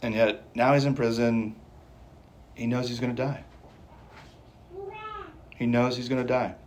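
There's slight background noise behind this pastor, whose voice is medium-pitched, level, and darkish. He preaches insistently, hammering key lines through repetition while varying his speed.

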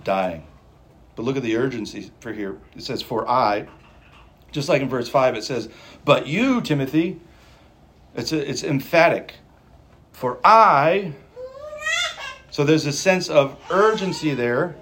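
A man preaching a sermon, emphatic and urgent, repeating key lines and changing his pace. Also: mid-range voice. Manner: emphatic, repeats lines for stress, speeding up and slowing down. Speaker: pastor.

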